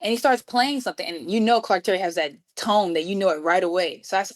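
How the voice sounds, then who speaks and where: A woman from New York City, a guest musician, telling a story with lively acted-out dialogue. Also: mid-range voice, fast talker. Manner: acts out quoted dialogue with lively voices. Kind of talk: animated storytelling.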